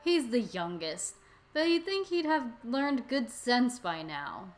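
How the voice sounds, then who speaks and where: A woman's voice: on the high side, very animated, slow pace, soft background music. A woman voicing a proper, apologetic young princess in a let's play of a visual novel, with formal, polite speech. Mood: prim.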